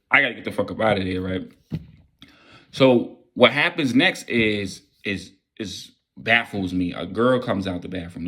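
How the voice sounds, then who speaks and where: A man telling a wild personal story in a casual, profane and excitable way. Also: lowish voice.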